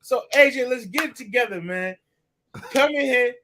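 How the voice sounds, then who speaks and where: An American man co-hosting a boxing talk show in casual chat, animated and fired up, full of slang. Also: extremely high pitch, normal speed.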